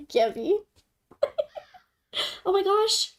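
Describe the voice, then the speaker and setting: High-pitched young woman, giggly livestream host, casual swearing, faint music behind. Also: moderate pace. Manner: giggly, swears casually, gushes over her cat.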